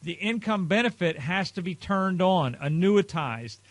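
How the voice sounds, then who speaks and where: Male presenter, slightly higher pitch, earnest and emphatic with casual fillers, dry close recording. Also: expressive, a little slow, no room sound. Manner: earnest, emphatic, frequent uh and you know. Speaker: financial advisor presenting a video series. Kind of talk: explanatory talk to camera.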